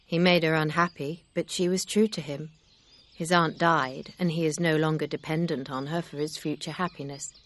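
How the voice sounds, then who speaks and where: A woman voicing a grave, kind gentleman suitor in an audiobook reading, speaking in a steady, sincere way. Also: low-pitched, close to an everyday voice.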